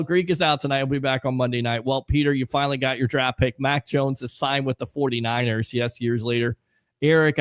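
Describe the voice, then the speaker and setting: A man's voice: medium pitch, dry recording, clean studio sound. A man hosting a casual sports talk show, reading viewer comments aloud in a loose, chatty way. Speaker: host.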